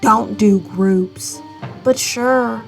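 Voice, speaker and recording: A woman's voice: a little high, very slow, gravelly, faint music behind, voice pushed down, full character voice. A woman voicing a guarded, lone-wolf brawler with a Southern country accent and curt, clipped replies. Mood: gruff.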